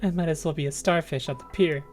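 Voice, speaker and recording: A man's voice: on the high side, fairly even intonation, fast, music in the background, close to an everyday voice. Man doing a mopey, self-pitying bear. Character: meek, self-pitying bear, easily overlooked.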